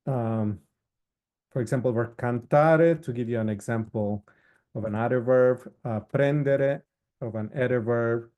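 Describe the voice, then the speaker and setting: Male instructor, unhurried and halting, warm low-key tone, lists forms one at a time. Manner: slow, halting explanation with frequent fillers; spells out verb forms one by one. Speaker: Italian instructor. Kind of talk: recorded lecture.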